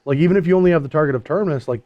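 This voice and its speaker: A man co-hosting a casual post-match chat, animated and quick to laugh. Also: fairly high pitch, dry recording, muffled recording. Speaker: co-host.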